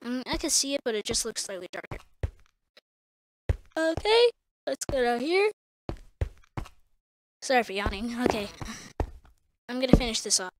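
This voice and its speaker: High-voiced woman rambling over a game. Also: normal speed, long pauses, background noise. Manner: rambling, self-correcting, talks to viewers. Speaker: gamer. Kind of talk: casual gameplay commentary.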